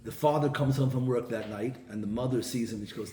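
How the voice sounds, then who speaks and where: A man's voice: mid-range voice, quick pace, hardly any pauses, a crowd in the background. A man, a rabbi giving a storytelling sermon who acts out the people in his stories. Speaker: rabbi giving a Torah talk. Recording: echoey room with faint ambient noise.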